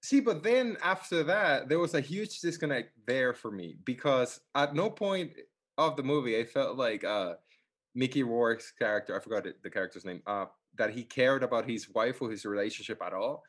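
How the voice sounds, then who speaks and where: A man co-hosting a casual film chat, talking haltingly with restarts and sighs, swearing now and then. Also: medium pitch, lively intonation, fairly bright tone, breathy edge. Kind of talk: casual movie review chat.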